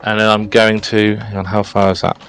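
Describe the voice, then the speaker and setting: A man's voice: on the low side, completely flat delivery, normal speed, noisy background. A man playing a tabletop role-playing game, methodically counting out his moves and reading his abilities aloud. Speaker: player. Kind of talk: casual tabletop game play.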